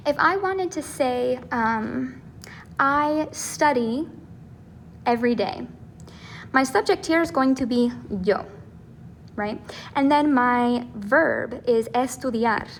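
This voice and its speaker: A woman's voice: high voice, slow pace, long pauses, a little hiss or hum. Patient woman teaching a grammar lesson. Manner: patient, explains step by step with frequent "okay?" and "right?". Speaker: Spanish teacher.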